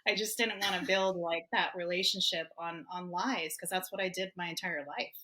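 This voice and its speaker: A woman's voice: fairly low pitch, steady tone, normal speed, sharp tone. Candid woman in her fifties. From Hawaii, United States. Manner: open, emotional, laughs often. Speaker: guest author. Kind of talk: candid personal storytelling.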